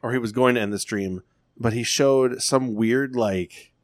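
A man's voice: medium pitch, a little slow, dry recording, studio quality. A young man co-hosting a podcast, telling a long rambling story in casual chat, swearing a lot and acting out what people said. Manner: rambling storyteller, heavy swearing, lively quoted voices. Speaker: podcast co-host.

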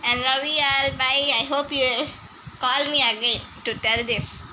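A woman voicing a kindly old grandmother who lectures slowly and repeats her advice. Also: high voice, steady tone, pushed and bright, slight background noise, full character voice, low-quality recording. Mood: earnest advice. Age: older.

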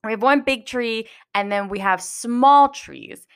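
A woman's voice: a little high, measured pace, clear, resonant tone. A young woman hosting a casual solo podcast from home, nervous and giggly, rambling with restarts. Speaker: podcast host. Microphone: home recording.

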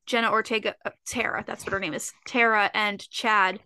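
Bright, animated woman podcast host. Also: mid-range voice, a little fast, clean tone. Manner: animated, acts out quotes from scenes. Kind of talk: casual chat.

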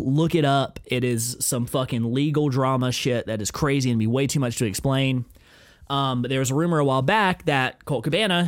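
A young man hosting a podcast, telling a story in a profane, rambling, excitable way. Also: fairly high pitch. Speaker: podcast host. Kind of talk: casual chat.

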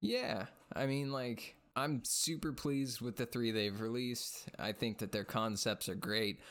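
A man's voice: mid-range voice, unhurried, a bit bright. A man hosting a casual gaming podcast, quizzing his guest and laughing often. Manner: playful quizmaster, laughs often. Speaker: podcast host.

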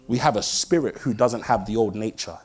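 A man's voice: fairly low pitch, a little fast, husky. A man, preaching a sermon, telling stories and driving points home with emphatic repeated phrases. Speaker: pastor.

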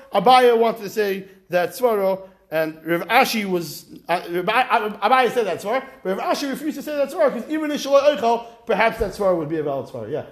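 Animated man teaching Talmud, echoey room. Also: very high-pitched. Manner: animated, mixes Aramaic and Hebrew terms into English, sing-song quoting. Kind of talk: animated Talmud class lecture.

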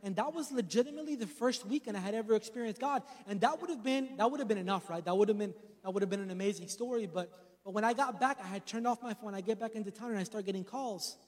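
Pastor, male, 30s, unusually high voice, testimony-style sermon that builds to emphatic preaching, long hall reverb. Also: quick pace. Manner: storytelling, rising to emphatic preaching.

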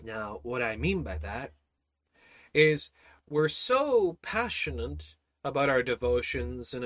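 A man with a medium-pitched voice and no room sound leads an informal Bible study. He exhorts listeners with rhetorical questions and repeated phrases, often restarting and repeating words.

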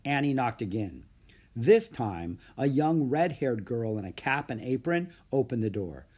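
A man reading a children's book aloud in an expressive storytelling manner. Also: mid-range voice, a little slow. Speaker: narrator.

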